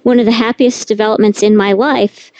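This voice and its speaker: A woman's voice: on the high side, fairly even intonation, brisk, darkish tone, no echo, low-quality recording. A middle-aged woman author talking candidly and with animation as a guest in an interview. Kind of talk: conversational interview.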